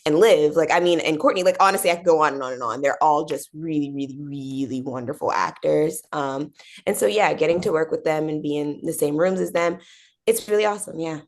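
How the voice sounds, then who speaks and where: A woman's voice: sits low, a little fast. A young woman answering interview questions in a bubbly, chatty way, with many fillers and acted-out quotes. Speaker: actor being interviewed.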